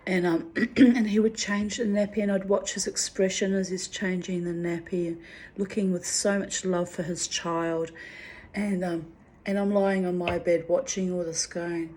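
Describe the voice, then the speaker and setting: A woman's voice: lowish voice, fairly even intonation, measured pace, a little mellow. A middle-aged woman recounting personal memories in a candid, rambling way. She talks frankly, swears freely and restarts her sentences often. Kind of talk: candid spoken reflection.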